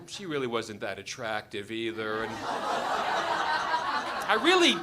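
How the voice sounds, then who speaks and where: A man spins a personal story on stage, wry and self-mocking, his voice leaping all over with life. His tone is bright and lively, and he acts out each scene as he goes. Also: high voice, slight background noise. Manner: animated, wry and self-deprecating, acting out scenes. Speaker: doctor and storyteller.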